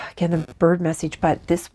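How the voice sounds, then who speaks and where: A woman channeling spirits in a rambling, halting monologue, often breaking off to talk back to unseen voices. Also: lowish voice. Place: lives in Canada.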